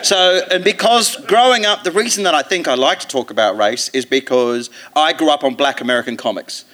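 An Australian man, a comedian guest on a live podcast, telling stories in a profane, animated way and slipping into put-on voices. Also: on the high side, brisk. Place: theatre stage.

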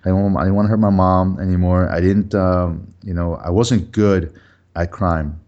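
A man, a guest entrepreneur, telling personal stories in a lively, conversational way with many restarts. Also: sits low, normal speed, highs cut off. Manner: animated storyteller with frequent restarts. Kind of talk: conversational storytelling.

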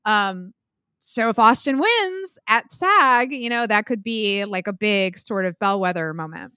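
Chatty, bright-voiced woman co-host. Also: medium pitch, lively intonation, unhurried, clear, resonant tone, dry recording. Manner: chatty, opinionated, frequent "like" and "um". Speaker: podcast co-host. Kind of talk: casual chat.

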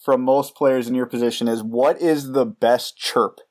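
A man hosting a podcast, asking measured, leading interview questions. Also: mid-range voice, fairly even intonation, darkish tone. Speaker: podcast host.

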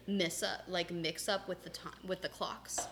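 Bright-voiced young woman, chatty co-host. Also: lowish voice, fairly even intonation, slight background noise. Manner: chatty, rambling, quick to laugh. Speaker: podcast co-host. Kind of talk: casual chat.

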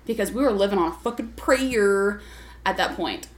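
A woman telling a story on a casual podcast chat, profane and ranting, full of swearing and quick asides. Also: mid-range voice. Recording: echoey room.

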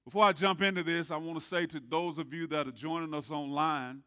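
A man preaching a sermon as pastor, calling on the congregation to answer back and swinging from quiet murmurs to loud rising shouts. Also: a little high, steady tone, a little fast. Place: church sanctuary.

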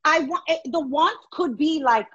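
A woman's voice: sits high, normal speed, fairly bright tone. A woman co-hosting a podcast, talking emphatically in casual chat and laughing often. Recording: dull lo-fi sound.

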